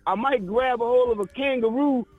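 Super high-pitched dude on a comedy show, loud mouthed, brags, swears nonstop. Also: male voice, moderate pace, no room sound, phone-quality sound, faint music behind. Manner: rowdy, boastful and profane. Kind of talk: casual comedic chat.

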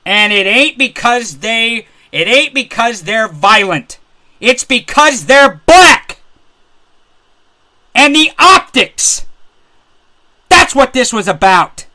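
Man, angry political rant, sarcastic, profane, high pitch, bright tense tone. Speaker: political commentator.

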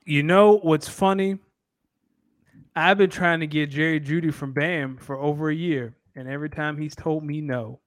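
A man's voice: a little high, fairly even intonation, moderate pace, no echo, studio quality. A man co-hosting a sports podcast, boasting and ribbing the others in casual banter. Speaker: podcast co-host.

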